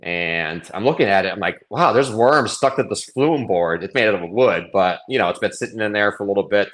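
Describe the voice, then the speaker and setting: A man with a fairly low voice talks as a guest in a relaxed interview. He rambles and hesitates as he tells his story, circling back and restarting his points. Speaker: cranberry grower, guest. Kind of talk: casual interview chat.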